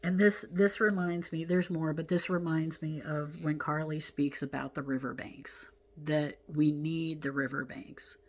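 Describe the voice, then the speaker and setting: A woman leading a spiritual class, talking in a gentle, heartfelt way with sighs and soft laughs as she reflects on oracle card guidance. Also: sits low, fairly even intonation, unhurried, hardly any pauses. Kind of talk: reflective spiritual talk, reading from oracle cards.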